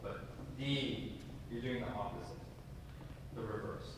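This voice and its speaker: Guy running an orchestra rehearsal, counting players in and singing the phrases, heard from far off in a boomy hall with the music going. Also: noisy background. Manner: brisk, instructive, counts players in and sings phrases. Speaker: orchestra clinician. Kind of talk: rehearsal coaching. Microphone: distant camera mic. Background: string orchestra playing.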